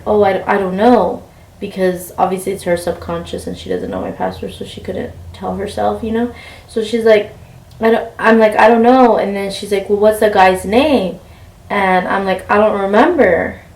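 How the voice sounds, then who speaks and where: A woman's voice: mid-range voice, darkish tone. Chatty young woman, roomy sound. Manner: chatty, rambling with many fillers and "like". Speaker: vlogger. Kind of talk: casual storytime while packing. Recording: roomy, mic a bit far off.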